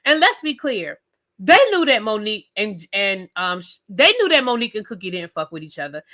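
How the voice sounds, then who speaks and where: A woman reviewing a reality TV episode in a blunt, profane, animated rant. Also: a little high, normal speed.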